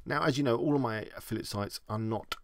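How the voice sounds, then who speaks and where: A man's voice: medium pitch, quick pace, dry recording. English man, chatty stream host, dry close sound, lots of fillers. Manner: chatty, answers viewer questions with fillers. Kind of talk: casual live-stream Q&A.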